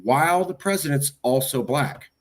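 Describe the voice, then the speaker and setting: A man hosting an interview podcast, telling stories in an animated, emphatic way and repeating his points. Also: on the high side, moderate pace. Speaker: podcast host. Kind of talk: casual conversational interview.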